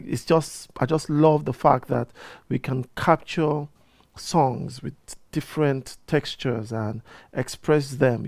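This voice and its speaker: A man, a reverend hosting his own program, telling a personal story in a casual, animated way and often restarting his sentences. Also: mid-range voice, gravelly, dry recording, clean studio sound. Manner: animated storyteller who gets heated and repeats himself. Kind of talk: casual talk-show monologue, personal storytelling.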